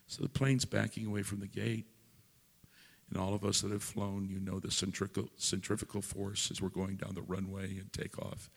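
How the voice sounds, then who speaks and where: Older male pastor, folksy sermon story, raspy voice, long echo of a church hall. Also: fairly low pitch, little pitch movement, moderate pace. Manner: folksy storytelling, rising to loud preaching.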